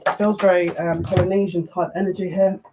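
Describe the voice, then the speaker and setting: A woman doing a chatty live tarot reading who is excitable and gushing and often restarts her sentences. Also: on the low side, brisk, slightly rough, lo-fi sound. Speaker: psychic tarot reader.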